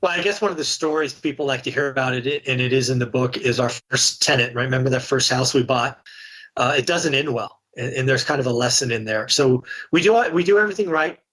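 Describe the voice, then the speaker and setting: Middle-aged man, slightly breathy voice, frank and chatty interview guest. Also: mid-range voice, brisk, fairly bright tone. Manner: candid, conversational, many restarts. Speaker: real estate investor and guest. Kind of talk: casual podcast interview storytelling.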